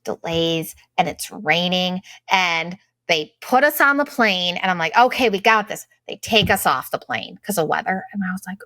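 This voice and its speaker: A woman's voice: fairly low pitch, expressive, moderate pace, few pauses, pushed and bright, no room sound. A middle-aged woman telling a travel story in a casual, profane, exasperated and sarcastic way. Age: late 30s to 40s. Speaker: vlogger.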